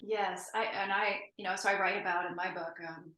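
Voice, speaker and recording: A woman's voice: mid-range voice, fairly even intonation, brisk, pushed and bright. A woman hosting an interview, telling a personal story in a chatty way and laughing as she speaks. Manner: chatty storyteller, laughs through her words. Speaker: podcast host and author. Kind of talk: conversational interview. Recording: roomy echo.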